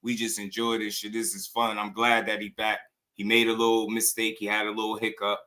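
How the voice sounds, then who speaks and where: A man's voice: lowish voice, monotone, brisk, bright, forceful tone. A man hosting a boxing channel, talking in loose, slangy commentary and often breaking into laughter.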